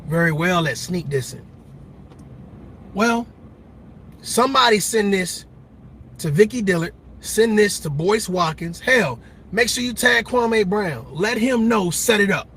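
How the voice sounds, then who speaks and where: A man's voice: high-pitched, animated, a little slow, long pauses, a bit bright, a little hiss or hum. A middle-aged man giving a passionate, preacher-like commentary monologue, emphatic and repetitive. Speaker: commentary vlogger.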